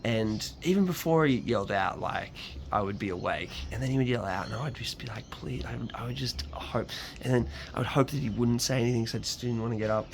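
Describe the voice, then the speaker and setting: Gravelly man giving a devotional. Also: medium pitch, quick pace, slight background noise. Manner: conversational, with frequent ums and restarts. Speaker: preacher giving a Bible reflection. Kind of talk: scripture reading and devotional talk.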